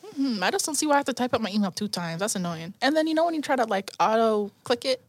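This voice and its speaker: A young woman co-host with a high voice that leaps up and down as she rants with dramatic emphasis. She is recorded dry and close, in a casual chat. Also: big pitch swings, fast talker, dry recording. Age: young adult. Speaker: podcast co-host.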